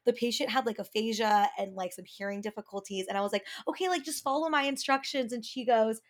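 A woman's voice: on the high side, quick pace. A young woman co-hosting a podcast, telling a work story in casual chat, acting out the quoted voices with lots of "like" fillers. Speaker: podcast co-host, speech therapist.

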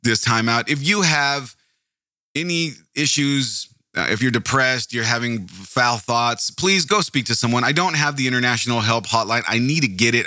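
Sharp-voiced rambling male podcast host. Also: medium pitch, no echo, studio quality. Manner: rambling, self-interrupting, swears casually. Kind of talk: casual true-crime podcast narration.

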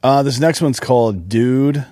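A man co-hosting a podcast, reading memes and captions aloud in a relaxed, casual way. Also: mid-range voice, measured pace, dry recording, studio quality. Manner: laid-back, reads memes and captions aloud. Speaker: podcast co-host. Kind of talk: casual chat.

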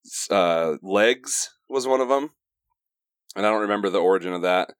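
A young man with a very low voice rambles through stories as a podcast guest, full of fillers and asides. He is recorded in a small home studio with a dry, close sound. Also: moderate pace, clean tone, dry recording. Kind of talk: casual podcast chat.

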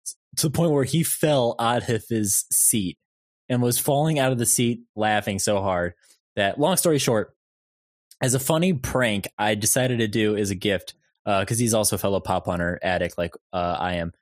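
A man's voice: lowish voice, moderate pace, no echo, clean studio sound. A young man chatting casually about movies, laughing often and swearing easily as he tells rambling stories. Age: young adult.

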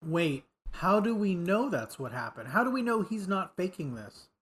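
A man's voice: high-pitched, big pitch swings, moderate pace, a bit bright. A man guesting on a casual podcast, eagerly quoting lines from a movie.

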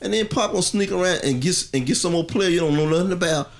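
An older man co-hosting a basketball podcast, chatting casually and animated, jumping in often and repeating words. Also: high voice, fast talker. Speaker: podcast co-host. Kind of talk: casual sports chat.

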